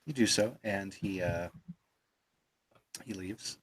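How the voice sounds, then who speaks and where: A man's voice: sits low, slow, breathy edge. A man narrating as game master, hesitant with many fillers.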